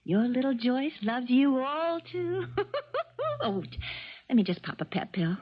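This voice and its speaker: An actress playing a flighty, clingy young wife with a tinkly, phony baby-doll voice in a 1970s radio drama. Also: female voice, high voice, very animated, measured pace, exaggerated voice. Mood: cooing, clingy. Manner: breathy, cooing, drifting into whispers. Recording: dull 1970s radio broadcast.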